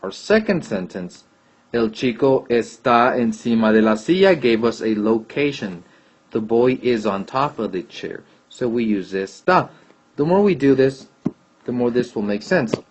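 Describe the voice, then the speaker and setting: A man teaches Spanish grammar in class at a medium pitch, expressive and unhurried. He patiently repeats and checks answers aloud, though the lo-fi recording sounds dull.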